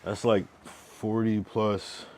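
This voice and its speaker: Young dude streaming drunk, kinda low voice, rambly slangy talk, stuffed and short of breath. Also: male voice, little pitch movement, slow, a little mellow, a little hiss or hum. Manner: loose, rambling, heavy slang and swearing. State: drunk and overfull, a bit out of breath. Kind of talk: casual livestream chat.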